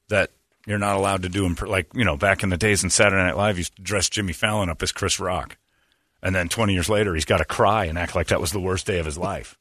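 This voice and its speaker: A man's voice: low voice, bright, forceful tone, slightly rough, no room sound. A man hosting a radio show, ranting sarcastically and laughing as he talks. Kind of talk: casual radio chat.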